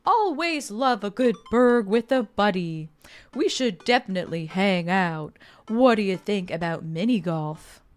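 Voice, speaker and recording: A friendly, easygoing dad from a video game speaks in a lowered, deep voice, as a woman streamer puts him on. He is casual and relaxed rather than bro-ish, and his tone rises and falls a fair amount. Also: a little slow, soft background music, close to an everyday voice. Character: friendly laid-back dad, adult man.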